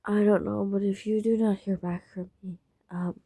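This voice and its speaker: A woman's voice: medium pitch, level tone, normal speed, dark tone, no echo. A woman vlogging casually at night from her bed, talking sleepily and often in a whisper. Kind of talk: casual late-night vlog. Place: bedroom, in bed under blankets.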